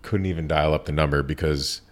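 Very deep-voiced man telling a story. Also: a little fast. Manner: profane, animated storyteller acting out quotes. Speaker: tattoo artist, guest. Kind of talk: casual storytelling interview.

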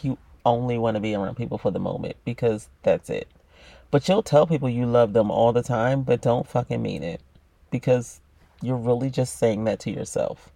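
In a mellow, gravelly, medium-pitched voice on a dry recording, a man who hosts a self-help podcast speaks straight to the listener. His monologue on self-love is frank, motivational, and packed with swearing.

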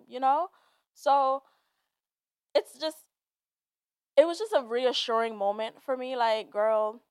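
A woman's voice: a little high, no room sound. A woman hosting a solo podcast, talking in a casual, chatty rant full of "like"s. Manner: chatty and animated, many "like"s and frequent laughs. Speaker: podcast host.

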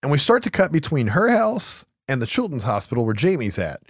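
A man's voice: a little high, sing-song, brisk, breathy edge, dry recording, studio quality. A man co-hosting a podcast, casually recapping a film, laughing often and swearing freely. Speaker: podcast co-host. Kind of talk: casual movie recap chat.

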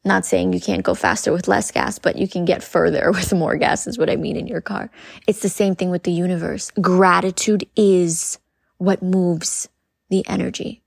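Earnest woman host with a gravelly voice. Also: on the low side, steady tone, fairly quick, darkish tone, no room sound, clean studio sound. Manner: earnest, repeats phrases, addresses listeners as "you guys". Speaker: podcast host. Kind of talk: spiritual coaching talk.

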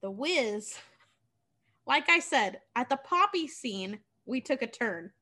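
A woman's voice: a little high, lively intonation, slow pace, sharp tone. A woman casually retelling a story, chatty and profane, with lots of "like.". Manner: chatty, profane, filler-heavy.

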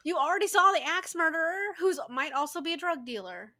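Animated, sarcastic woman reacting to a film. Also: very high voice, brisk. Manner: animated, swears freely, sarcastic running commentary. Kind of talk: casual reaction commentary.

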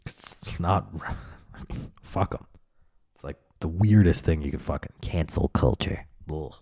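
Guy ranting solo on his podcast, low dark voice, swears a lot, sarcastic. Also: a little slow, no echo, studio quality. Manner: profane, sardonic, mocking voices of others. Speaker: podcast host. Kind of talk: solo comedic rant.

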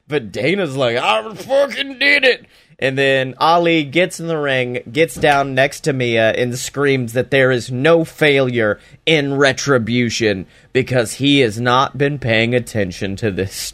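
Guy ranting thru a wrestling recap, cusses a lot, sarcastic, voice sits a bit high. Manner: profane, sarcastic, excitable, does mocking voices. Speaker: wrestling show reviewer. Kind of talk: casual recap podcast.

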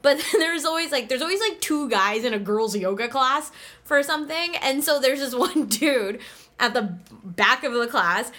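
A woman with a bright, ringing voice, pitched a little above most, chatting casually as a podcast co-host. She tells stories with lots of energy, acting out what people said and laughing along the way. It sounds like she's talking from home. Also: normal speed. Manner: animated storyteller, acts out quotes, laughs often. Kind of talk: casual chat.

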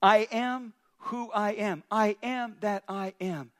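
A man voicing God as a calm, commanding presence who speaks slowly and steadily. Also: dry recording, studio quality. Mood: solemn. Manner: slow, low and steady.

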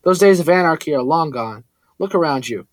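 A man reading a cold, condescending villain in a suit, calm and menacing. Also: on the high side, brisk, no echo, natural voice.

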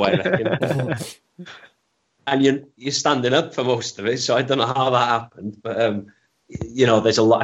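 A man telling stories as an interview guest, rambling and self-deprecating, often stammering and restarting. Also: mid-range voice. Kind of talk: casual storytelling interview. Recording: dull lo-fi recording.

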